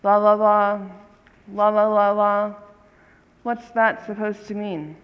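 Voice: medium pitch, unhurried, muffled recording, lightly acted. A storyteller voicing a curious, frank little girl. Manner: questioning, frank. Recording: long hall reverb.

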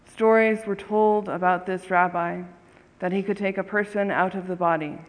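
A storyteller narrating a tale in a measured, calm way. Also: medium pitch. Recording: long hall reverb.

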